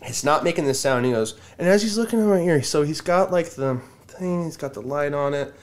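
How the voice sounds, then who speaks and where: A man's voice: on the high side, a little fast. A man telling a story in casual chat, acting out what people said, with a lot of swearing. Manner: animated, swears a lot, acts out quotes.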